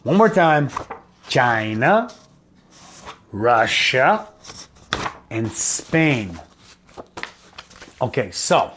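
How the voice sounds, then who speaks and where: A man teaching English to young children, singing and speaking slowly so they can repeat, switching into to explain. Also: medium pitch, big pitch swings, a bit bright, a little hiss or hum. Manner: slow, drawn-out words for children to repeat. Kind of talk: children's English lesson with songs. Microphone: video lesson recording.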